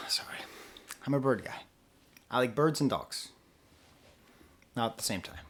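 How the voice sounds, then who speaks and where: A young music reviewer talks through an album off the cuff, drifting into rambling asides and cutting himself off. His husky, medium-pitched voice has lively intonation at a normal speed.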